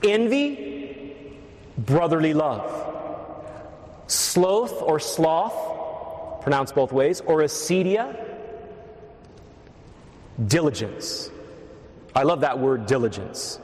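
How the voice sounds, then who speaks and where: A man's voice: on the high side, very animated, slow pace, pauses often, a little mellow. A man preaching a sermon as a priest, teaching steadily with wry asides to the congregation. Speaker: Catholic priest. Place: church. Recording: echoey church reverb.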